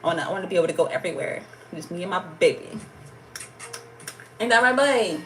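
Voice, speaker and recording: Soft background music plays as this tarot channel host, an American woman, talks fast in a low-leaning, expressive voice. It's a casual livestream chat from the United States, full of slang, playfulness, and frequent laughter between her remarks.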